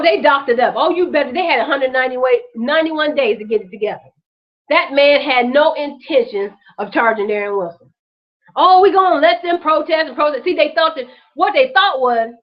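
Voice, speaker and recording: A woman's voice: sits high, highs cut off. A woman hosting her own show, giving a fiery, profane commentary full of rhetorical questions. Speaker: host. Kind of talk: impassioned commentary vlog.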